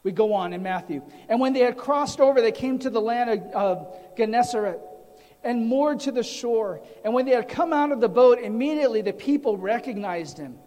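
A man, a pastor, teaching a sermon in a deliberate way, his voice trailing off quietly at the ends of phrases, in a church sanctuary. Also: very high-pitched, lively intonation. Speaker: pastor teaching a Bible study. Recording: long reverb of a large hall.

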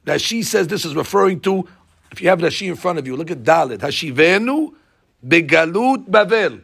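Gravelly, high-voiced male Bible teacher. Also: brisk. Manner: animated, asks the class questions. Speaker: Torah teacher. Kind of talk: Bible class lecture.

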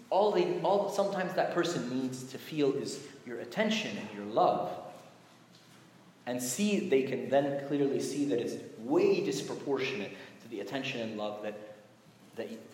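A man's voice: mid-range voice, a little mellow. A man preaching a sermon in a conversational, emphatic way, his voice rising on exclamations. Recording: echoey hall with faint background noise.

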